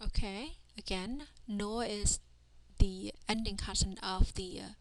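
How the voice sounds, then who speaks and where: A woman's voice: mid-range voice, fairly even intonation, unhurried, no echo, rough recording. A woman teaching a language lesson as a voice-over, patiently sounding out syllables one by one and often checking in with "okay". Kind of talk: slow spelling-out lesson narration.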